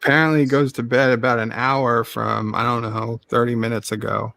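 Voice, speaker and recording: A man hosts a casual livestream chat, joking with his guests and reading out messages from viewers. His voice has a gravelly, creaky texture and a medium pitch. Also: little pitch movement, a little fast, a bit bright. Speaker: host.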